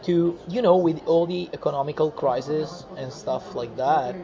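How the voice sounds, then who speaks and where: A man with a fairly high voice tells stories with lively energy, stumbling and restarting as he goes. The recording is muffled and slightly dull, with a loud crowd murmuring behind him. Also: normal speed. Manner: animated storyteller, many restarts and repeated words. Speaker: comic artist guest. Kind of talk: casual interview.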